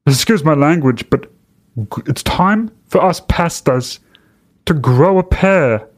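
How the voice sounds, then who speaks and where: A man's voice: a little high, expressive, takes it slowly, voice pushed up. A man doing a mocking parody of a blustery male preacher with an exaggerated nasal drawl.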